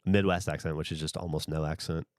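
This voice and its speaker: The voice is extremely low, fairly even in intonation, and quick, captured in clean studio sound without echo. It belongs to a man from the American South, accent long gone, who hosts a livestream and casually rambles and swears while replying to viewers.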